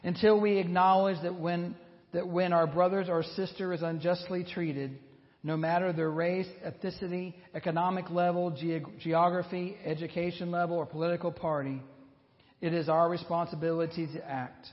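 A male pastor delivers an earnest sermon with a somewhat high voice, pausing slowly to press his points home. The sound is dull and lo-fi, and a long reverb trails from the church hall around him. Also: level tone. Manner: earnest, measured preaching with slow emphatic pauses.

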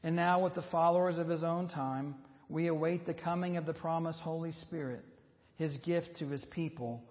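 A male pastor preaches an earnest, measured sermon in a somewhat high, steady voice, using slow, emphatic pauses to drive his points home. The audio is dull and lo-fi, with a long reverb trailing off through the church hall.

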